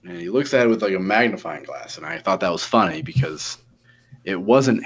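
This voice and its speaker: A man's voice: deep voice, fairly quick, breathy edge. A man in his twenties telling a story in casual chat, swearing freely and acting out the voices of the people in it. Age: 20s. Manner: profane, animated retelling with quoted dialogue. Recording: dull lo-fi audio.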